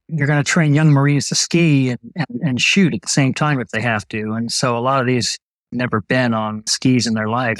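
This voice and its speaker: An older man, a retired Navy doctor, telling stories as a guest in an interview, relaxed and anecdotal. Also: medium pitch, no room sound, low-quality recording. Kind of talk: storytelling in an interview.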